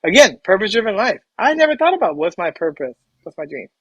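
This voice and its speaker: A man speaking very fast and hyper as a podcast guest in a casual interview chat. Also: high voice, very animated, a bit bright, dry recording, muffled recording.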